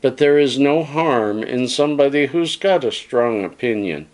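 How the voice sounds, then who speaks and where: A man's voice: medium pitch, animated, moderate pace, darkish tone. A man vlogging, giving his opinions in a folksy, musing way and calling his viewers friends. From Canada. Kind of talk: casual opinion monologue to camera.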